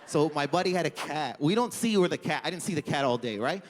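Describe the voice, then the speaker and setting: A man's voice: fairly high pitch, lively intonation, fast, slight background noise. A young Canadian man doing a stand-up comedy set, rambling and self-deprecating with lots of "like.". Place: comedy club stage with audience. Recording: live comedy hall reverb.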